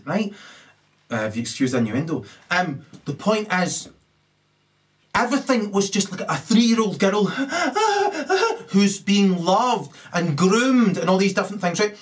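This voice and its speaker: Man, mid pitch, rambling rant to camera, tags lines with "right?". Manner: keeps tagging "right?" onto his sentences. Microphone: camera mic.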